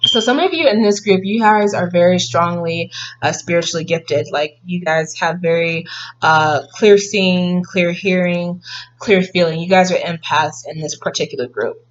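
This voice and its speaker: A woman's voice: fairly low pitch, normal speed, dull audio. A woman giving a casual tarot reading to her viewers, rambling with many fillers and restarts. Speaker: tarot reader.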